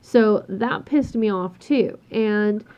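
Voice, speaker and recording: A woman's voice: medium pitch, slow pace, warm tone. A woman telling a work story in a casual, exasperated rant, swearing freely and acting out what people said. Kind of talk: casual ranting monologue. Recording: dull lo-fi sound.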